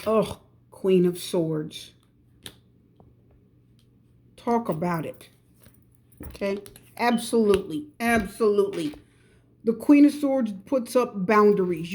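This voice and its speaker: A middle-aged woman reads tarot cards for her viewers in a chatty, emphatic way, pressing each point home. Her voice sits a little high but has a mellow, warm tone. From United States. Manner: chatty, emphatic, repeats advice directly to viewers. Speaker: tarot reader. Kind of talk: pick-a-card tarot reading.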